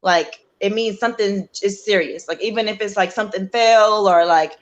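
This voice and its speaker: A woman's voice: mid-range voice, normal speed, dull audio. Earnest woman telling a personal story. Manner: earnest, emotional, many "like" fillers, acts out quotes. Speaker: interview guest, bereaved mother.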